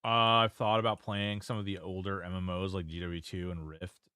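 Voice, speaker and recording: A man's voice: low voice, level tone, moderate pace, sharp tone, clear, resonant tone, no echo, studio quality. A man streaming a game, chatting casually, reading chat aloud and swearing now and then. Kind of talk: casual gameplay commentary.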